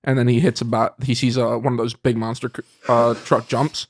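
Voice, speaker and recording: A man on a comedy podcast, improvising an absurd story in a rambling, animated way with frequent laughs. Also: medium pitch, a little fast. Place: podcast studio.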